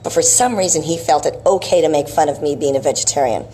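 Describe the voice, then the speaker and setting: A woman's voice: low-pitched, quick pace, mellow, slight background noise. A woman vlogging about health, telling a rambling story in a casual, chatty way and checking in with "right?" asides.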